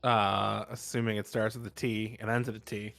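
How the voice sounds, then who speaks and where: A man's voice: lowish voice, level tone, moderate pace, creaky, fairly bright tone, faint music behind. Laid-back man playing a tabletop game. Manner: laid-back, hesitant, full of filler. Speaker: player. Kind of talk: tabletop role-play chat.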